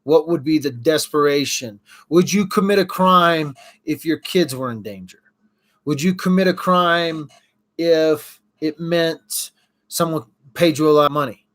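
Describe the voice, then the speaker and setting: A man's voice: on the high side, unhurried, fairly bright tone. A middle-aged man casually chatting on a livestream, reacting to viewers' comments as he talks. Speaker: livestream host.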